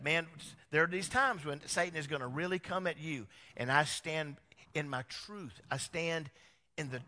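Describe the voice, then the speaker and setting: Male pastor, sermon delivery, bright voice, long hall reverb. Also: a little high. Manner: animated preaching with rhetorical questions.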